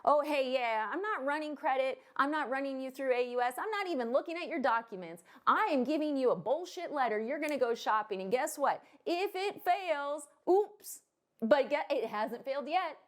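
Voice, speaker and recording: Woman putting on a lazy male loan officer, dismissive, breezy, odd put-on accent, fairly high voice. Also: expressive, normal speed.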